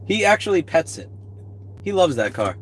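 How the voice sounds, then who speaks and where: Outdoors around his car, a vlog host delivers a blunt, profane, sarcastic rant while showing off a car door on his casual driving vlog. He speaks at normal speed in a high-pitched voice with big pitch swings, against a noisy background.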